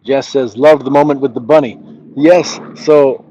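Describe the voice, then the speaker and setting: A man hosting a casual livestream, reading viewers' comments aloud and answering them in a relaxed, friendly way. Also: mid-range voice, measured pace, dull audio. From Southwest United States. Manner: reads chat messages aloud, relaxed and friendly. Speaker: livestream host. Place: walking outdoors.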